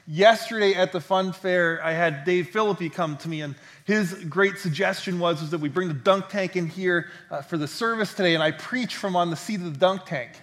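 A pastor preaching a sermon in a church, in a friendly, conversational manner. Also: male voice, sits high, normal speed, hardly any pauses, a bit bright.

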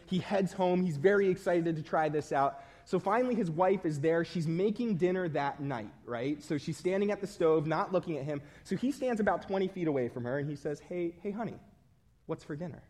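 Man preacher, slightly high voice, chatty, self-deprecating sermon delivery. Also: a little fast, few pauses, darkish tone. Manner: conversational, self-deprecating storytelling.

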